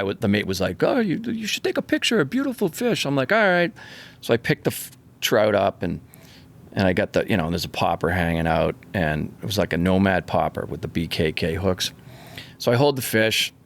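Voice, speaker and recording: Fishing captain guy spinning a wild yarn, gravelly low voice, swears a lot. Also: a little hiss or hum. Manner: animated, acts out voices, swears freely. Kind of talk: casual storytelling.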